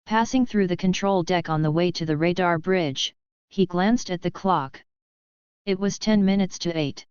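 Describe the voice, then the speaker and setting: A woman narrating an audiobook in a steady, measured reading. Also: lowish voice, clean tone, no room sound, lo-fi sound. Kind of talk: scripted narration.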